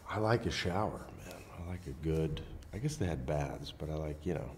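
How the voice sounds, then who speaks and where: Deep-voiced laid-back man. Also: animated, normal speed, long reverb tail, a little hiss or hum. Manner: laid-back, candid, swears casually. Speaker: actor guest. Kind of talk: casual interview chat.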